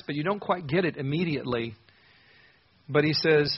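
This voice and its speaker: A man pastor teaching an expository sermon in a conversational way, with frequent filler words and animated emphasis. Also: a little high, normal speed, long pauses, breathy edge, muffled recording.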